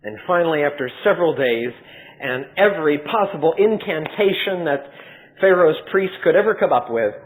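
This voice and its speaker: Older man, preacher, dramatic sermon storytelling, slightly high voice. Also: moderate pace, rough recording. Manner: animated, vivid retelling with shifting loudness.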